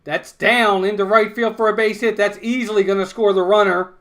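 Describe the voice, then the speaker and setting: A man's voice: sits high, fairly even intonation, a little fast, fairly bright tone. A man hosting a fan watch-along stream, calling baseball play-by-play and insisting on his points over and over.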